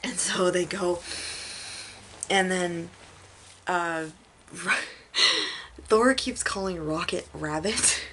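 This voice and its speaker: A woman's voice: lowish voice, drawn-out words, long pauses, bright, forceful tone, a little hiss or hum. A woman giving a casual movie review, retelling scenes in a rambling, chatty way full of fillers and laughter.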